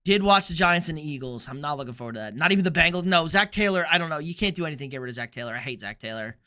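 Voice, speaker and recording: A man's voice: fairly high pitch, lively intonation, bright, forceful tone. A young man from Texas with a Texan accent, hosting a casual sports livestream and bluntly answering viewer comments with jokes. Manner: blunt, joking, opinionated, quick asides.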